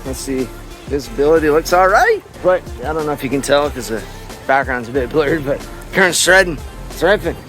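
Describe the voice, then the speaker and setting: A man's voice: on the high side, lively intonation, fairly quick, fairly bright tone, faint music behind. A man vlogging outdoors in a casual, laid-back and upbeat way, chatting and narrating. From Canada. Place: outdoors on a coast.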